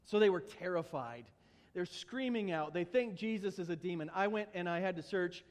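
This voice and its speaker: A man's voice: high voice, animated, normal speed. A man preaching a sermon in a church, earnest, with stumbling repetitions and humorous asides. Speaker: pastor. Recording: long hall reverb.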